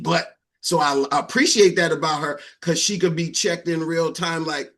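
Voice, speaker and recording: A man's voice: a little high, moderate pace, fairly bright tone. A married man on a discussion panel, speaking bluntly and explaining his point through acted-out examples.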